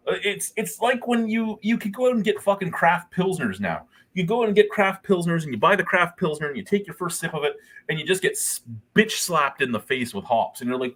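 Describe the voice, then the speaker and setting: A man holds forth in a casual beer chat, swearing freely and ranting with exasperation. His husky voice swings widely up and down as he talks. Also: on the high side, very animated, fairly quick, fairly bright tone. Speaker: guest.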